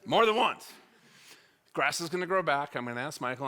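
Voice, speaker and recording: Animated middle-aged man telling a church story. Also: a little high, fairly quick. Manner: animated, acts out dialogue with wide swings in loudness. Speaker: church speaker.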